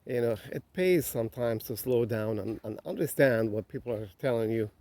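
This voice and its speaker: A man telling a story on a walk, relaxed, with many filler phrases. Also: medium pitch, moderate pace. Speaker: vlogger. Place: outdoors on a nature walk.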